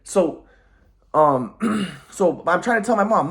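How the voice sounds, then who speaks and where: A man's voice: high-pitched, lively intonation, slow, a bit bright. A man in a rambling personal monologue who sounds aggrieved, often restarts his sentences, and swears. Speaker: vlogger.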